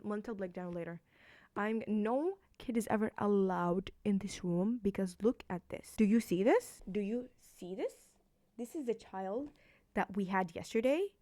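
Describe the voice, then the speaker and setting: A woman giving a casual book review from home, chatty and excitable, rambling with lots of "like" and jumping between topics. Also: mid-range voice, dry recording. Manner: chatty and rambling, heavy use of "like". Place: indoors at home.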